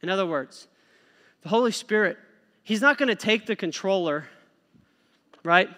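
Casual-sounding male preacher with a high voice in a reverberant hall, who acts out little voices. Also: animated, normal speed, pushed and bright. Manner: conversational, acts out voices, frequent "okay?". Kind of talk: sermon.

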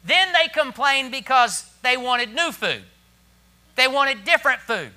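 A man preaching a sermon to his church, swinging from hushed tones to loud emphatic bursts. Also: very high voice, expressive, a little slow. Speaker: pastor.

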